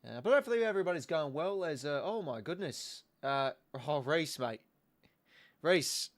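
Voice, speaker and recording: A man's voice: a little high, animated, normal speed. A young Australian man hosting a live football watch-along, chatting casually with viewers and thanking them as he goes. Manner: chatty and easygoing, thanking viewers, many restarts. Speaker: livestream host.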